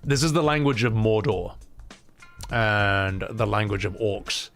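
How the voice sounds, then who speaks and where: A man's voice: on the low side, measured pace, a bit bright, faint music behind. A man streaming, chatting casually with his live chat and joking as he goes, swearing freely.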